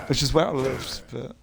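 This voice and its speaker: A man's voice: medium pitch, creaky, a bit bright, a little hiss or hum. A young man with a British accent chatting casually while streaming a game, rambling and hesitant with many fillers and short laughs. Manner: laughs between remarks. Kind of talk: casual chat while gaming.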